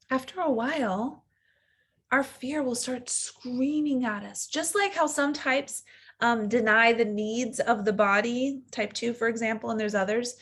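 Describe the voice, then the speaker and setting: A woman's voice: fairly high pitch, unhurried, a bit bright, slightly rough. A woman in her thirties, a coach giving an earnest, reflective teaching talk and sometimes acting out the inner voice of fear.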